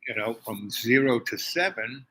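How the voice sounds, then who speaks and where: An older man from Harlem talks through a meandering story, circling back on himself with restarts and asides. His voice is bright and forward. A faint hiss of noise sits under the recording. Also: mid-range voice, lively intonation, a little slow, poor audio. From Harlem, New York. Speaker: host. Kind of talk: rambling personal monologue.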